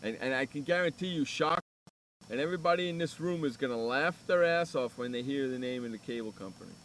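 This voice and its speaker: A man's voice: medium pitch, fast talker, fairly bright tone, a little hiss or hum. A man hosting a sports radio show, telling a profane, ranting story in casual chat.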